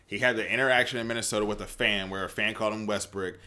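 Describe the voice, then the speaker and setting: Man, low pitch, bright forceful tone, steady questioning, casual podcast co-host. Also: fast. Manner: steady, questioning, drives the topic. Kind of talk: casual sports chat.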